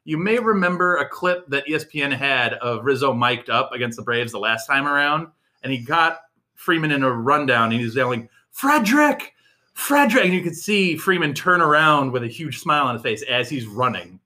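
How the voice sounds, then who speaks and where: Bright-voiced chatty sports podcast man. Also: medium pitch, a little fast. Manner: chatty, animated, laughs often. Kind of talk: casual sports chat.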